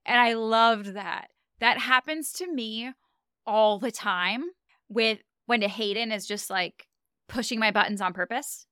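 Young woman podcast cohost, bright crisp voice, dry close sound, chatty and animated. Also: on the high side, unhurried, no room sound. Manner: animated, laughs often, retells scenes. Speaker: podcast co-host. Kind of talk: casual chat.

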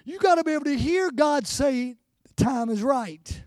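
An older man delivers a sermon as a guest preacher in a high-pitched voice. His impassioned delivery swells to shouts and is close to tears, recorded dry. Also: lively intonation, moderate pace, no echo.

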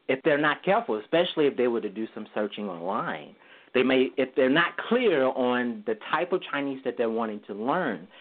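Man explaining tones over a phone line. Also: medium pitch. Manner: demonstrates Mandarin tones by singing vowels; laughs easily, enthusiastic. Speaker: guest language teacher. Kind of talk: casual interview explanation.

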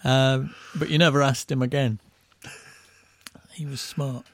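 A man's voice: medium pitch, fairly even intonation, unhurried, dry recording. A middle-aged man from England, a band musician telling rambling anecdotes in casual chat, with restarts and laughs at his own stories.

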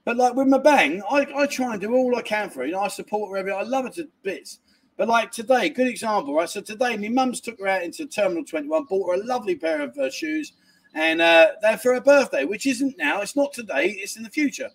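Chatty man with a gravelly, high voice. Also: expressive, fast, a little hiss or hum. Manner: chatty and rambling, swears casually, many restarts. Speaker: livestream host reading viewer chat. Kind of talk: casual live chat. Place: a family home in a village, indoors.

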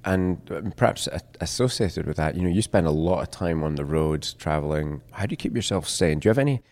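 A man with a Scottish accent asking interview questions in a rambling, halting way with frequent restarts. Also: low-pitched, animated, darkish tone. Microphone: handheld microphone held toward guest.

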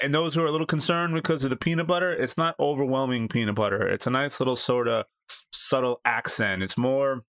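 Relaxed man reviewing beer, dry sound. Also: medium pitch, no room sound. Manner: relaxed, enthusiastic, some filler "uh"s. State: married. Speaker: beer review podcast co-host. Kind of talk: casual chat.

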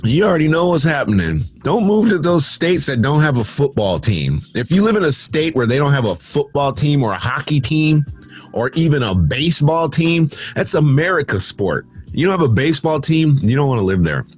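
A man's voice: a little high, very animated, normal speed. A man hosting a show, reading out celebrity headlines and tossing in dismissive, sarcastic asides. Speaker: host. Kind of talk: casual headline commentary.

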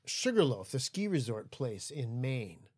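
Dry-recorded man telling relaxed sailing stories. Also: mid-range voice, measured pace, husky, no echo. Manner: relaxed storyteller, acts out voices in anecdotes. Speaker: guest, solo ocean racer. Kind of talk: casual chat. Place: aboard a boat studio.

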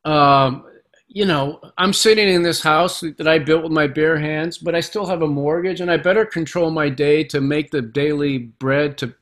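A man's voice: a little high, steady tone, moderate pace, fairly bright tone. Reflective middle-aged man telling stories. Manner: reflective storyteller, repeats words as he gathers thoughts. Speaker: guest author. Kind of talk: conversational interview.

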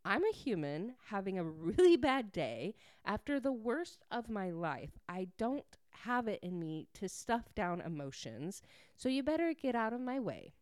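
A woman's voice: mid-range voice, sing-song, a little slow, darkish tone, clean tone, no echo, clean studio sound. A woman voicing a fed-up young woman, indignant and exasperated. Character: fed-up young woman on her worst day.

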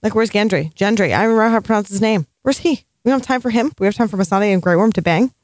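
A woman's voice: medium pitch, rapid-fire, a little mellow, no room sound. A woman co-hosting a podcast in casual chat, dry, sarcastic and bored-sounding. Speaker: podcast co-host.

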